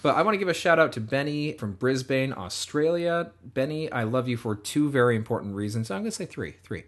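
A man's voice: medium pitch, lively intonation, fairly quick. A man co-hosting a podcast, chatting casually and joking while he reads out listener emails. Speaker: podcast co-host. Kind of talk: casual chat.

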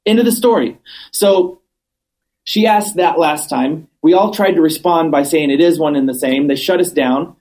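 A man chatting as a podcast guest, telling stories with animated, acted-out quotes and emphatic repetition. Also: fairly high pitch, normal speed, poor audio. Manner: animated storyteller, acts out quotes; emphatic, repeats points. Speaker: cannabis business owner, guest. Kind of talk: casual interview chat.

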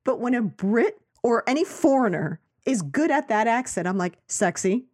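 A woman from New York co-hosting a film review chat, talking casually with lots of quoted reactions and quick asides. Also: fairly high pitch, big pitch swings, darkish tone. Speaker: film review podcast co-host.

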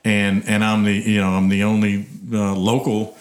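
A man's voice: fairly low pitch, completely flat delivery, moderate pace. A man from South Louisiana, a TV station manager, talking in an interview with many fillers and restarts. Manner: rambling, with many fillers and false starts. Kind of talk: casual interview talk.

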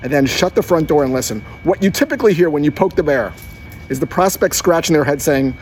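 A man's voice: on the high side, animated, fast talker, slight background noise. A man coaching listeners on cold calling in an upbeat, direct instructional monologue. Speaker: sales coach.

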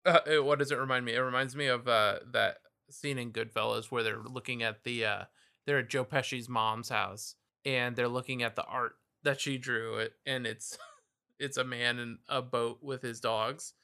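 A man's voice: medium pitch, steady tone, moderate pace, gravelly, sharp tone, clean tone. A man co-hosting a casual music podcast, laid-back and joking. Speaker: podcast co-host.

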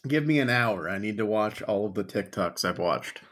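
A man's voice: lowish voice, expressive, normal speed, a bit bright. A man co-hosting a podcast in casual chat, rambling and self-deprecating. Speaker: podcast co-host.

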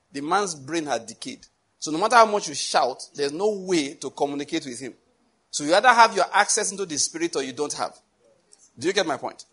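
Husky, emphatic male preacher. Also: on the high side. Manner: animated, emphatic, repeats "I hope you're getting my point". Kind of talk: sermon.

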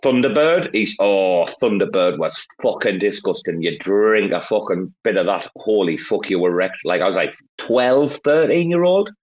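A man from Northeast England with a Northeast English accent, telling loud, sweary stories in a casual chat. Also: fairly low pitch, highs cut off.

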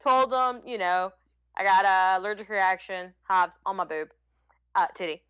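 A woman's voice: medium pitch, moderate pace, fairly bright tone, clear, resonant tone, no room sound, lo-fi sound. A woman guest chatting and giggling as she tells a story on a podcast. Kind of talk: casual storytelling.

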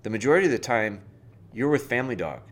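A man's voice: medium pitch, lively intonation, fast talker. A man hosting a dog training podcast, giving casual, plainspoken advice and talking the listener through everyday scenarios.

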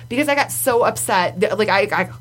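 A woman co-hosting a podcast in casual, chatty talk, blunt and quick to laugh. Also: medium pitch, expressive. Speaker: podcast co-host. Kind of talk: casual chat.

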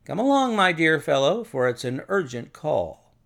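A man's voice: on the high side, very animated, moderate pace, fairly bright tone, pitched above the performer's own voice, full character voice. A man reading a story aloud, voicing a clipped, authoritative male detective. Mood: urgent. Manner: crisp, urgent, authoritative. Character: Sherlock Holmes, brisk, clipped male detective.

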